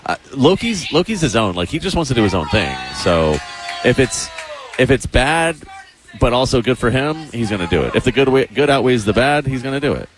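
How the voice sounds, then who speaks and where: A man's voice: mid-range voice, very animated, a little fast, over music. A man co-hosting a casual chat show, talking in an easygoing way with frequent restarts. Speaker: co-host.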